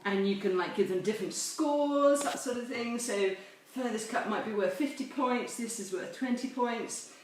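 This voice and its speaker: A woman's voice: fairly high pitch, normal speed, hardly any pauses. Cheerful woman leading a kids' assembly. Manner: cheerful, playful, explains step by step. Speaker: chapel children's assembly leader. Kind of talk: home video children's lesson. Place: home with garden course, indoors and out. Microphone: camera held by a helper some distance off. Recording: echoey, distant camera mic, faint noise.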